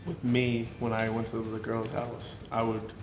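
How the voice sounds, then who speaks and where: A man's voice: medium pitch, completely flat delivery, unhurried, slight background noise. Laid-back young man in an echoey room. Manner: laid-back, filler-heavy talk. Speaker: guest. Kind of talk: casual chat.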